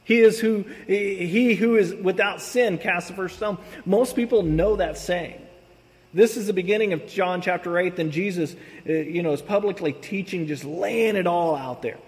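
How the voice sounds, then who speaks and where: A man preaching a sermon, reading scripture with casual, animated asides. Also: high voice, normal speed. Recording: long hall reverb.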